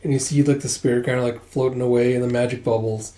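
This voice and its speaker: A man's voice: medium pitch, steady tone, fast talker, warm tone. A man casually reading a comic aloud, narrating scenes and dialogue in a loose, rambling way with "it's like" asides. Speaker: comic read-through host. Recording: echoey room.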